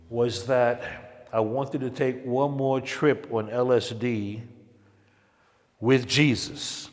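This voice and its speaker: A man from Harlem, New York, telling his personal testimony as a lively storyteller who acts out the people he quotes and chuckles along. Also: medium pitch, slow, big-room sound, faint music behind. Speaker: testimony speaker.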